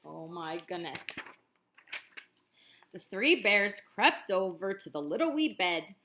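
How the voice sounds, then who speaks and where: A woman reading a picture book aloud to children as a teacher, animated and full of chatty asides to her listeners. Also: medium pitch, slow, slight background noise.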